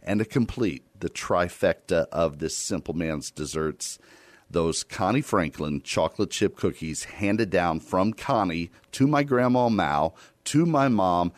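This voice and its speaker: A man hosting a Christian radio show, joking about himself in a playful, self-deprecating way while making a fundraising pitch. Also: lively intonation, a little slow, dry recording. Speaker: radio host.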